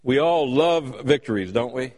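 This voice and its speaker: A man's voice: medium pitch, lively intonation, moderate pace, darkish tone. A man preaching a sermon, telling folksy stories and acting out the quotes inside them. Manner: folksy storytelling with acted-out quotes. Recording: long hall reverb.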